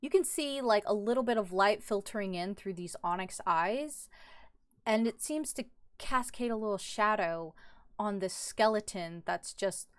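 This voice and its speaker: A woman's voice: medium pitch, animated, unhurried, clear, resonant tone. A woman running a tabletop game as dungeon master, playful and giggly, throwing in silly sound effects.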